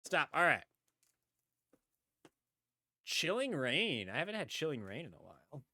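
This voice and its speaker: A man's voice: fairly high pitch, sing-song, unhurried, pushed and bright, dry recording. A man streaming live, chatting casually and rambling as he talks to viewers, repeating himself often. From upstate New York.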